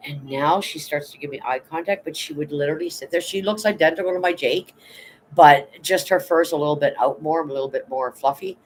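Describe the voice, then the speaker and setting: A man's voice: fairly high pitch, fairly quick, slight background noise, rough recording. A tired man chatting casually on a livestream, rambling and blunt, swearing now and then while reading out chat. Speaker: vlogger reading live chat.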